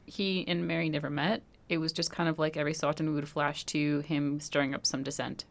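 A woman's voice: deep voice, level tone, fairly quick, gravelly. A young woman co-hosting a podcast, talking through a film in a thoughtful, analytical, chatty way. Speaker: podcast co-host. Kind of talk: casual chat.

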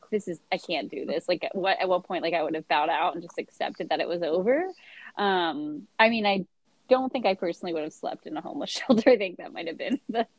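A woman co-hosting a podcast, talking in a relaxed, hesitant way with lots of "like" and "you know". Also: on the low side, slight background noise, low-quality recording. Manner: relaxed, filler-heavy, hesitant. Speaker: podcast co-host. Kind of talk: casual chat, film discussion.

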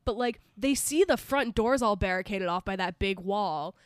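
A woman co-hosting a podcast in casual chat, animated and swearing freely as she acts out movie characters. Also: medium pitch, moderate pace, clean tone, no echo, clean studio sound. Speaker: podcast co-host.

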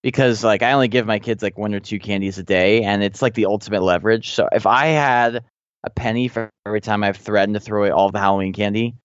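A man's voice: on the low side, steady tone, quick pace, clean tone, dry recording, highs cut off. A man in his thirties, a podcast co-host, chatting casually and telling rambling parenting stories with many restarts. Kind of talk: casual chat.

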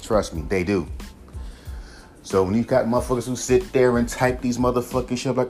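A man's voice: mid-range voice, a little fast, a little mellow, faint music behind. Heated profane man ranting solo. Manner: profane, heated, mocks critics in put-on voices. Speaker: podcast host. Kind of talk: solo rant podcast.

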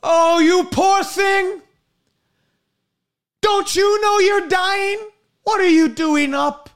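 A man voicing an alarmed hospital nurse who scolds in a shrill voice. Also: normal speed, fairly bright tone. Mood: alarmed scolding.

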